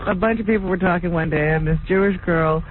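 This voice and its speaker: A woman's voice: fairly low pitch, fast, background noise. A woman co-hosting a talk radio show, laughing a lot and tossing in amused asides. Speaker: radio co-host. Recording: phone-like old radio broadcast.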